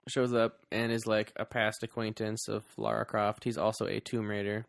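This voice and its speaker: A man co-hosting a casual movie review podcast, animated and giggly. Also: fairly low pitch, moderate pace, vocal fry, no room sound, studio quality. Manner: animated, giggly, playful banter. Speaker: podcast co-host.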